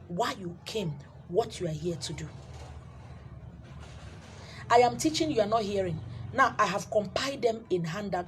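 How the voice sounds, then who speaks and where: A Nigerian woman, a spiritual teacher, preaching to camera and selling her handouts, emphatic, repeating phrases, swinging from loud to hushed. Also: on the high side, slight background noise.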